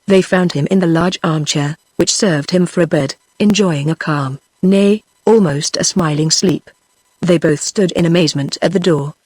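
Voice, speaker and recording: A text-to-speech woman's voice with a British accent, reading a classic novel aloud in an even, measured way. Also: fairly low pitch, breathy edge, no room sound. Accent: British English. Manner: even, measured reading of dialogue and narration alike. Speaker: narrator. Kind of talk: synthetic audiobook narration.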